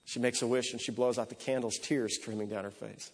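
A man's voice: medium pitch, steady tone, a little fast, darkish tone, breathy edge. A man preaching a sermon, telling a story in a conversational way that strings lines together with repeated ands. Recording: echoey hall.

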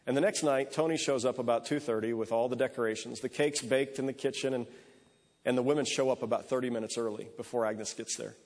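A man's voice: mid-range voice, steady tone, quick pace, a little mellow. A man preaching a sermon, telling a story in a conversational way that strings lines together with repeated ands. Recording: echoey hall.

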